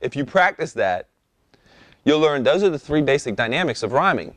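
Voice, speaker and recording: A young man working as a rap vocal instructor walks through a hands-on lesson in an easygoing, demonstrative way, often checking in with listeners with an "okay?" His ordinary middle-pitched voice is expressive, he talks fast, and the recording is dry.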